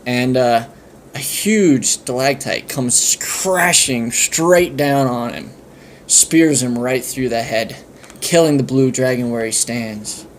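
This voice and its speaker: A man spins an improvised comic story, rambling as he goes. His voice sits at an ordinary middle pitch, and the telling is loose and unscripted. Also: slow, a little hiss or hum. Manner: rambling, full of fillers and restarts.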